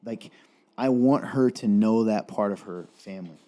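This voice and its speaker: A young man with a Southern Appalachian drawl speaks on a casual faith podcast. His voice sits low and sounds dark and mellow. He rambles earnestly and often restarts his sentences. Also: normal speed. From Eastern Kentucky. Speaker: podcast co-host.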